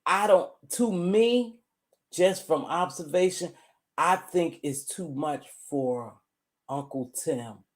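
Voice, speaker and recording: A woman vlogger giving casual, blunt commentary, animated and repeating points for emphasis. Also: low voice. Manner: blunt, informal.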